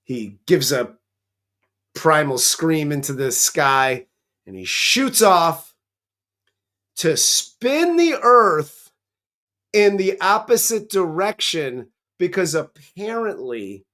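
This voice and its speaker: A man's voice: on the high side, sing-song, slow pace, sharp tone. A man co-hosting a movie review, retelling the plot in a casual, profane, joking way. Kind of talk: casual comedic film recap.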